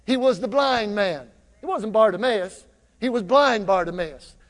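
A male pastor preaching a lively sermon in a church, drawing the congregation into call-and-response. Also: high-pitched, measured pace, long reverb tail. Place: church sanctuary.

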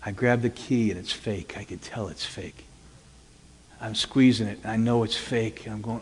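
A man's voice: on the low side, normal speed, slight background noise. A man giving a personal testimony as dramatic first-person storytelling, animatedly acting out the dialogue. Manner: animated, acts out quoted dialogue. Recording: long hall reverb.

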